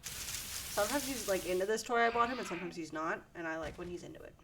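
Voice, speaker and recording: A woman streaming, chatting casually with her viewers and breaking off to yell at her cat. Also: fairly low pitch, animated, fast talker. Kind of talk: casual live-stream chat. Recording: distant mic with noise.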